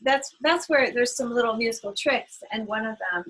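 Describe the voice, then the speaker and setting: A woman's voice: a little high, moderate pace, fairly bright tone, rough recording. A woman panelist on a video call webinar sharing songwriting tips in a chatty, rambling way, often restarting her sentences. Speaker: solo artist, panelist. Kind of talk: webinar talk.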